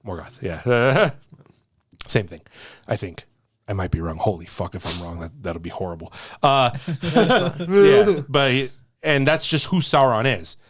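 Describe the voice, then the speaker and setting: A man hosting a podcast in casual chat, rambling, laughing often and slipping into quick character asides. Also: medium pitch, animated. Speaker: podcast host.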